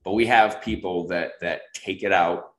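A man's voice: sits low, steady tone, moderate pace, reverberant. A man speaking as the guest in a casual interview, rambling with lots of fillers and restarts. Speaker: guest product expert.

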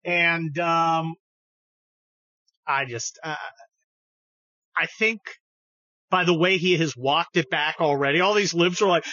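A man's voice: fairly high pitch, slow, long pauses, pushed and bright, no room sound. A man hosting a podcast, giving casual political commentary in a heated, profane, sarcastic way. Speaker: podcast host. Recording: dull dry studio recording.

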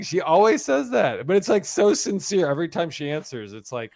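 A man's voice: a little high, brisk, gravelly. A man in his thirties telling funny stories about his toddler in a casual chat. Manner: animated storyteller, mimics a toddler's voice in quotes.

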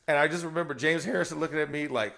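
A middle-aged man, a former football player, telling a story on a podcast in a lively way, acting out quotes and laughing. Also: on the high side, rapid-fire, creaky. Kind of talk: animated storytelling.

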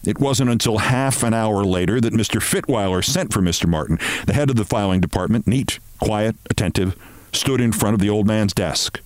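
A man hosting a show, reading a short story aloud in an expressive, measured way. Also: fairly low pitch.

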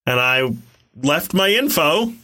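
A man co-hosting a podcast, telling animated stories and laughing often, and saying he is exhausted. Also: fairly high pitch, slow pace. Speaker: podcast co-host. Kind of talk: casual storytelling.

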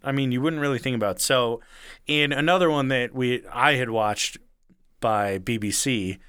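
A man's voice: medium pitch, moderate pace, a bit bright, clean tone, no echo. A man telling a rambling story in casual chat, chuckling now and then and swearing freely.

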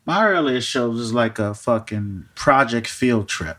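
A man chats with friends, his voice even and unhurried, dropping slang and curses freely. He sounds like a working musician trading stories about early shows. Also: medium pitch, noisy background. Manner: loose, slangy, profane. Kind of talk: casual chat.

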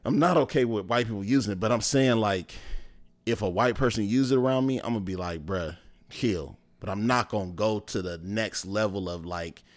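A very deep-voiced man chatting casually in as a podcast co-host. He talks through his opinions reflectively, with lots of filler words. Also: brisk. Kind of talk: casual chat.

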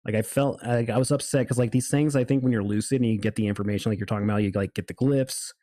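A man's voice: mid-range voice, steady tone, fast talker, warm tone, dry recording, studio quality. A man telling a long story in a casual, rambling way, full of fillers and restarts. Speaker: guest.

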